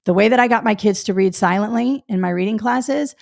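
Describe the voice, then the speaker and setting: A middle-aged woman runs a test-prep webinar, talking in a chatty, emphatic way and repeating key points. Her voice sits at a middle pitch for a woman. It is recorded close and dry, with no room sound. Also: fairly quick, gravelly, darkish tone, dry recording. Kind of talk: webinar lecture.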